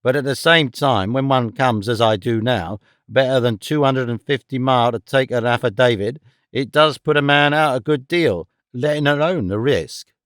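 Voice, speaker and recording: A man's voice: mid-range voice, moderate pace, a bit bright, no echo, clean studio sound, lightly acted. A man doing a shifty, wheedling country schoolmaster. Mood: grumbling. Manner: evasive and wheedling, broad rustic grammar. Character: shifty, fawning male schoolmaster, uneducated. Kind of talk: audiobook character voice.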